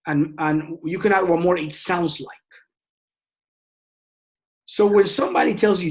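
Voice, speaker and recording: A man's voice: high voice, unhurried, pauses often. A man teaching a sales training session in a casual, passionate way, often repeating words and restarting sentences. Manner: passionate and emphatic.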